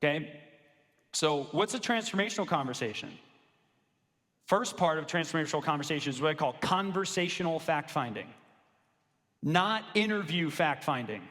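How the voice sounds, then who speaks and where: A man coaching law firm owners in a live sales presentation, energetic and casual, with slangy asides. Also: fairly high pitch, moderate pace. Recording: long reverb of a large hall.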